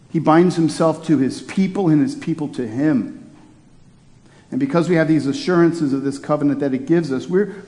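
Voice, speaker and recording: A man's voice: mid-range voice, a little mellow, in a large hall. A man preaching a sermon in a conversational way, often restarting his phrases. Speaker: pastor.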